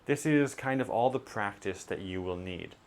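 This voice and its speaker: A man teaching a pronunciation lesson, modeling sounds slowly and deliberately. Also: lowish voice, lively intonation.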